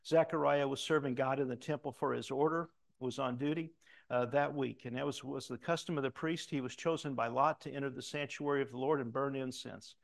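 A middle-aged man preaching a sermon, reading scripture aloud and breaking off into animated asides, loud for quoted lines and hushed for comments. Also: mid-range voice, a little fast, gravelly. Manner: animated, swings between loud emphatic reading and quiet asides. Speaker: pastor.

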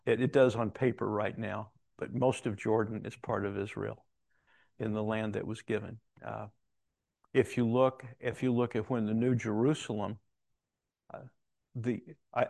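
A man's voice: mid-range voice, creaky, a little mellow, no room sound. A man telling a personal story in a conversational, rambling way, with restarts and quoted dialogue. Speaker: Christian speaker telling a story.

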